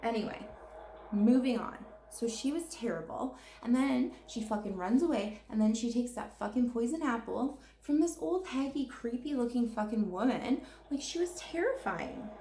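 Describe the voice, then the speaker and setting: A woman talks through her makeup routine in a loose, rambling chat, ranting and swearing freely. Her voice has a gravelly fry to it, and the sound bounces around an echoey room. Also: fairly high pitch, very animated, moderate pace, warm tone, a little hiss or hum. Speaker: makeup vlogger. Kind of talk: casual rambling chat while doing makeup.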